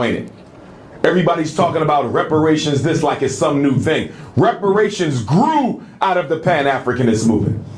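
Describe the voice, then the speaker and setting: A man delivers a fiery, rhythmic address to a room of students, stacking repeated phrases to drive each point home. His voice sits high for a man. The sound rings around a lecture hall. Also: slight background noise. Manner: rhythmic, repetitive oratory with rising emphasis. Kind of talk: impassioned lecture speech.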